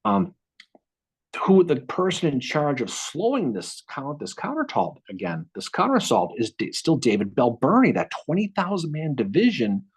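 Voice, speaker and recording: A man co-hosting a casual history podcast, telling the story with lively restarts and repeated words. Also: a little high, normal speed, husky. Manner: animated, repeats words while thinking, acts out quotes. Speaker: podcast co-host.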